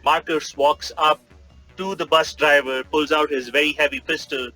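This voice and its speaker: Man, tabletop player, bright edgy voice, rambling with fillers. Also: fairly high pitch, steady tone, normal speed, soft background music, poor audio. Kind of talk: narrating his character's actions.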